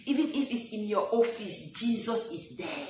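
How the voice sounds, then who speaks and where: A woman's voice: fairly high pitch, lively intonation, normal speed. Preacher woman with a cold, echoey room. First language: not English. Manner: emphatic, repeats phrases, rises to loud pleading calls. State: has a cold. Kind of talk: sermon. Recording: echoey room, faint background noise.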